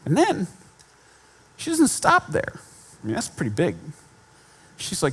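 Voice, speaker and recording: High-voiced man preaching conversationally. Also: wildly swooping pitch, unhurried, pauses often, breathy edge. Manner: conversational, self-deprecating humor, repeats points for emphasis. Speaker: pastor. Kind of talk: sermon.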